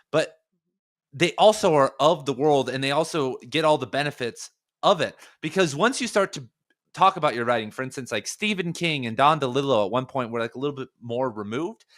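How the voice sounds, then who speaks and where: A male podcast host talks in a plain, middling pitch, wandering through his thoughts at length. His sentences keep restarting and circling back, padded with fillers, as he chats casually with a guest. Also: a bit bright. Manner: rambling, filler-heavy, musing aloud.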